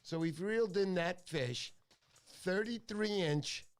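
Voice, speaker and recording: A man's voice: sits high, slow pace, soft background music. Chatty New man hosting a stream. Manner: chatty, excitable, thanks viewers by name. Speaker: livestream host. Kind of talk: casual fishing chat.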